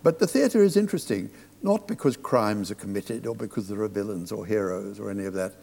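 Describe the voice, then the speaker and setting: A man, a theatre director, telling anecdotes to an audience, halting and restarting as he goes. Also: on the low side, animated, gravelly, darkish tone. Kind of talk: storytelling on stage. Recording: long reverb of a hall.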